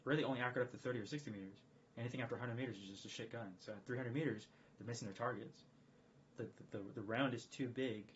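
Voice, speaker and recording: In a casual live-stream monologue, a man rambles emphatically and often repeats himself, talking very fast. His mid-range voice keeps fairly even intonation, and the stream audio is dull and lo-fi with faint background noise.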